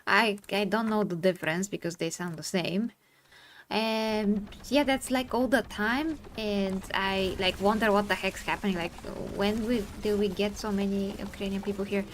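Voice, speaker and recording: A woman from Bulgaria with a Bulgarian accent, chatting excitably while streaming a game. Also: mid-range voice, normal speed, a little hiss or hum. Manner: excitable, bursts of laughter and sound effects. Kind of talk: casual gaming stream chat.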